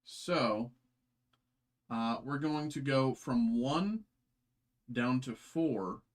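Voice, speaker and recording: A man's voice: mid-range voice, expressive, extremely slow. A man hosting a live card-opening stream, chatting casually with lots of fillers, restarts and self-deprecating jokes. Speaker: card break host.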